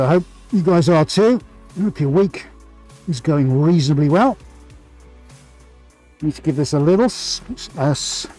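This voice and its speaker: A man's voice: a little high, darkish tone, rough recording. A man hosting a live painting stream, chatting energetically and greeting viewers by name. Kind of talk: casual live-stream chat while painting.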